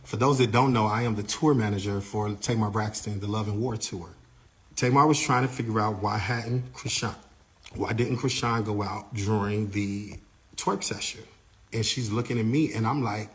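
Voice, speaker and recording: Man, tour manager, animated retelling, quotes everyone in the room. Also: lowish voice, moderate pace. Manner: animated retelling, acting out others' lines. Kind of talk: recounting an incident.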